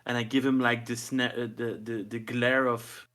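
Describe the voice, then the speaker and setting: A man's voice: mid-range voice, level tone, moderate pace, fairly bright tone. A man taking part as a player in a tabletop game, stammering and repeating words as he describes his move. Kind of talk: casual tabletop play.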